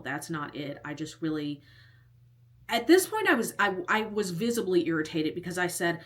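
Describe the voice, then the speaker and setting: A woman in her thirties tells a casual storytime in a slightly low voice. She is chatty and exasperated, stumbling over restarts as she acts out what others said. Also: a bit bright. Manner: chatty and exasperated, many restarts and quoted dialogue. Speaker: vlogger.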